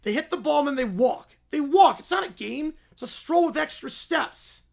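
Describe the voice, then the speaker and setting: A performer voicing a bratty, demanding young child who whines and shouts complaints. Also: sits high, lively intonation, moderate pace, vocal fry. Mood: complaining.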